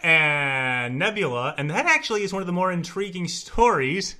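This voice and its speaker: Podcast co-host, man, higher bright voice, playful and teasing. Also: lively intonation, normal speed. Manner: playful, teasing, self-confessed softie. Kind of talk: casual movie review chat.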